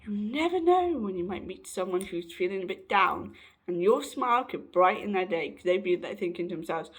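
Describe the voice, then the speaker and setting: A man's voice: sits high, expressive, fairly quick, a bit bright, husky. A young trans man, giving a chatty, joking pep talk to camera. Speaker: vlogger.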